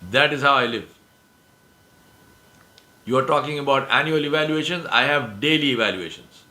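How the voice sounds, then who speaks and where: A man's voice: medium pitch, moderate pace, sharp tone. Emphatic man lecturing in an echoey room. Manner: emphatic, repeats key phrases, asks rhetorical questions. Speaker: speaker giving a presentation. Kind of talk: religious lecture to an audience.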